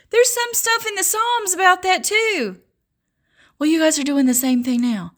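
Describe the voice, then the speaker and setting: A woman with a high, bright, sharp voice delivers a fervent religious monologue as a self-styled prophetess. She scolds and mocks her listeners and keeps breaking into laughter mid-sentence. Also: moderate pace.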